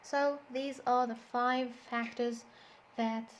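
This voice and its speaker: Brief: Egyptian-accented woman teacher, slightly high voice, patient drilling, light hiss behind. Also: steady tone, takes it slowly. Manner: switches between English and Egyptian Arabic, repeats words to drill stress. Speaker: English teacher. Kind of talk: classroom lesson explanation.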